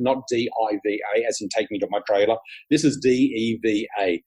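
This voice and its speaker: A middle-aged man with a husky voice, a psychic guest chatting casually and animatedly, acting out what people say. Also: medium pitch, poor audio. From Australia. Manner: animated storyteller, often laughing, acts out quotes. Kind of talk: casual interview chat.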